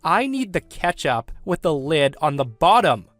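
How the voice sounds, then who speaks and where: A man voicing a loud, shrill, demanding woman shopper who whines and insists, in a storybook reading. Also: big pitch swings, unhurried, no room sound. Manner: screeching, whiny, insistent.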